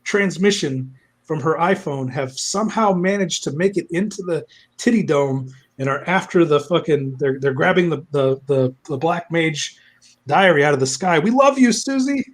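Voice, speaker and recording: Rambling with lots of fillers and plenty of swearing, a male reviewer casually retells a plot at a moderate pace in a voice on the high side.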